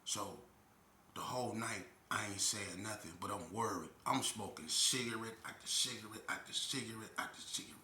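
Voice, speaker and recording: A man's voice: lowish voice, moderate pace, roomy sound, slight background noise. A man telling a story in casual chat and acting out the people he quotes. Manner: animated, acts out quotes loudly. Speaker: storyteller guest.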